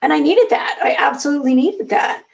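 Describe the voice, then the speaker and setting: A woman in her forties, an author guest, telling a personal story in a candid, emotional, animated way. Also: sits high, fairly quick, vocal fry. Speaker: author and magazine editor, guest. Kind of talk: conversational interview.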